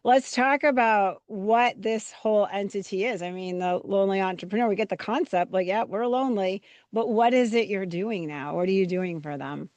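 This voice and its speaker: A woman hosts an interview and asks questions in a loose, chatty way, her thoughts winding before she gets to the point. Her voice sits at a middle pitch, recorded close and dry with no room sound. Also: normal speed, hardly any pauses, a little mellow, dry recording. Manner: chatty, rambling, friendly questions. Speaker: podcast host. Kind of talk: casual interview.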